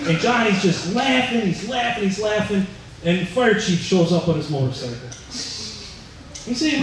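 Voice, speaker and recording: A firefighter with a fairly high voice tells firehouse stories at a dedication, acting out the other people's voices as he goes. The sound comes from far off in a very echoey hall, with faint noise underneath. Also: lively intonation, moderate pace. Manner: storytelling, acting out voices in quotes. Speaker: firefighter giving a dedication speech. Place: large indoor room at a fire training center.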